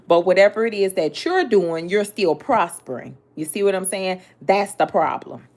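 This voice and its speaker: A woman's voice: medium pitch, lively intonation, moderate pace, darkish tone, a little hiss or hum. Blunt, sassy woman reading tarot. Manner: blunt, sassy, talks straight to the listener with slang and cursing. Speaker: tarot reader.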